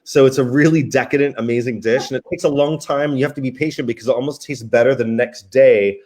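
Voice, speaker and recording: A man's voice: medium pitch, fast. A man, a wine sales director and guest, telling stories casually with fillers and restarts. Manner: relaxed, chatty, frequent fillers and restarts. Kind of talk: casual interview storytelling.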